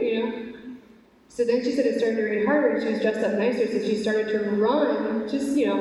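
A woman's voice: on the high side, fairly quick. A young woman giving a faith talk to a live audience, telling stories earnestly with lots of fillers. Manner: earnest, animated storytelling with many fillers. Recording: echoey hall, voice from far off.

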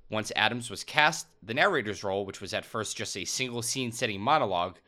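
A man co-hosting a podcast, reading narration in an even, measured way. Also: lowish voice. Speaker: podcast co-host.

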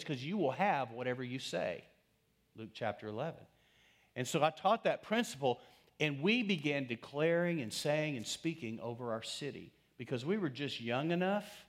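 A middle-aged male pastor in the middle of a sermon. He tells stories and acts them out, rising to loud peaks and then dropping to near-whispers. His voice sits at an ordinary pitch for a man. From Texas. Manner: storytelling preacher, dramatic swings between loud and hushed.

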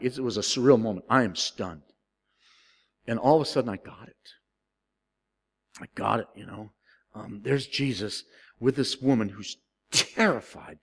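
A man preaching a sermon, telling a story with big swings from loud, high excitement to quiet, low solemnity. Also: big-room sound. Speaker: pastor.

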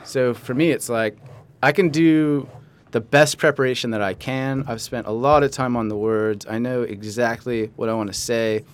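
A man's voice: mid-range voice, fairly even intonation, normal speed, clear, resonant tone. A young man, a writer and coach, talking earnestly and reflectively as a podcast guest. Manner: earnest, reflective, says "like" often. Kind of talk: casual interview chat.

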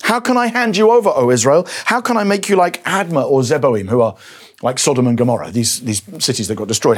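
Man, pastor, sermon, husky, lively pitch. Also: fast talker. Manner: animated preaching, voicing God's words with rising intensity.

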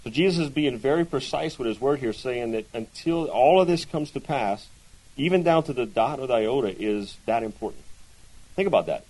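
A man teaching a Bible class to a group. He talks in a loose, conversational way, asks his listeners questions and keeps checking in with a quick "right?". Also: medium pitch, lively intonation, darkish tone, rough recording.

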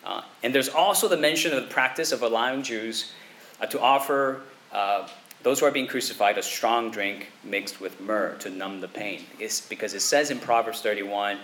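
Bright-voiced man preaching conversationally. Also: fairly low pitch, moderate pace, a little hiss or hum. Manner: conversational preaching with frequent rhetorical "okay?" and "right?". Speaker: pastor. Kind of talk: sermon.

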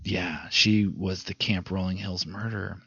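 A man's voice: sits low, fairly even intonation, unhurried, gravelly, a bit bright, husky, dry recording. A man casually recapping a movie plot, rambling and swearing as he retells scenes, on a dull, dry recording.

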